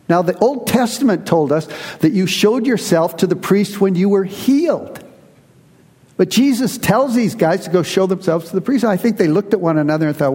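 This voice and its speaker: A pastor preaching a sermon to his congregation, earnest and emphatic, slowing down to stress key words. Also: sits high, lively intonation, a little mellow. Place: church. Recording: reverberant hall.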